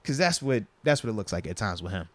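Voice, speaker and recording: A man hosting a casual sports podcast, relaxed and slangy, talking into a lapel mic. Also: fairly low pitch, fast talker, no room sound. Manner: laid-back, slangy, says "bro" and "man". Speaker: podcast host.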